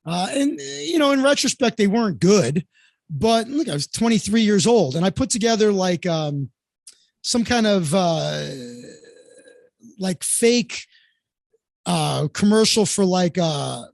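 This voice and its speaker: A man with a notably high voice tells a rambling story as a guest, circling back with fillers and restarts. He is from Florida. The sound is dry and close. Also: animated, measured pace, vocal fry, a little mellow, no room sound. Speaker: guest comedian. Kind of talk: casual anecdote telling.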